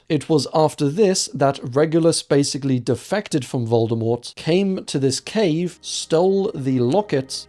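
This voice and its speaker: A man's voice: medium pitch, dark tone. A man narrating casually for sleep as a channel host, musing and thinking aloud.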